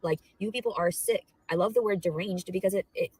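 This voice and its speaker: Fast, foul-mouthed young woman ranting. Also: mid-range voice, darkish tone, breathy edge, rough recording. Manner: rambling, swears constantly, swings between murmurs and outbursts. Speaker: vlogger. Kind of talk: profane personal rant.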